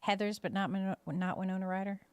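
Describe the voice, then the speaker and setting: A woman's voice: medium pitch, steady tone, fairly quick, darkish tone, clean tone, no room sound. A woman as co-host in a casual political chat, making brief remarks.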